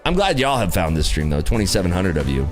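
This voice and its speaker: A man's voice: sits low, huge pitch swings, fast, soft background music. A man hosting a trading livestream, ranting in a brash, profane, taunting way. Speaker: livestream host and day trader. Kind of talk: casual livestream rant.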